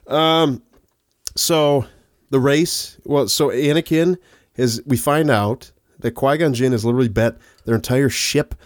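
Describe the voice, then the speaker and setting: A man's voice: medium pitch, a little slow, dry recording. Laid-back laughing man, dry close mic. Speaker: podcast co-host. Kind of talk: casual chat.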